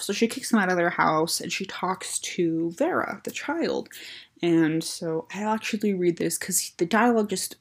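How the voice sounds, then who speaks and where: A woman's voice: fairly low pitch, measured pace. A woman casually commenting on and reading aloud her teenage fan fiction, rambling, frank and self-mocking. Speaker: video host reviewing her own teenage fan fiction.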